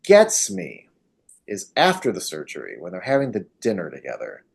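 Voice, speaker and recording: A man on a podcast, casually discussing a horror film with animated energy and loose swearing. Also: sits low, moderate pace, vocal fry, breathy edge. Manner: animated, swearing, quotes scenes in voices. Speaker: podcast host.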